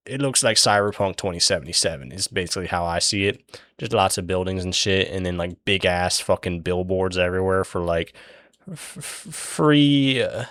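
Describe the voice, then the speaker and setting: A man's voice: sits low, fairly bright tone, dry recording. A young man recapping a book in a casual, rambling way, swearing often and filling his talk with "like" and "um". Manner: rambling, profane, many fillers.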